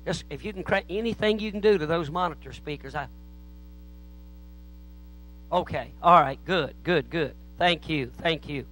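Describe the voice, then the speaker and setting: A man's voice: a little high, normal speed, pauses often, a bit bright, low-quality recording. A man preaching a sermon in a church, telling folksy stories. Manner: folksy joke-telling, acts out voices in anecdotes. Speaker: pastor.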